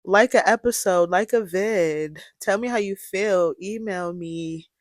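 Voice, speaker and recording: A young woman hosting her podcast in a casual monologue, swinging from quiet musing to loud rants, full of slang and swearing. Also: mid-range voice, measured pace, no echo, clean studio sound. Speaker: podcast host.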